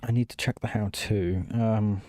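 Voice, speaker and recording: A man's voice: fairly low pitch, steady tone, moderate pace, warm tone, dry recording. A man streaming live while he works on a computer build, thinking aloud, answering chat and often apologizing. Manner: apologetic, self-conscious.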